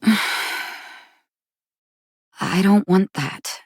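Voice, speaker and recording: A gentle, uneasy ex-idol. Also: female voice, medium pitch, drawn-out words, no room sound. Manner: hesitant, soft, sighing. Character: gentle, conflicted young woman ex-idol. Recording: dry close studio recording.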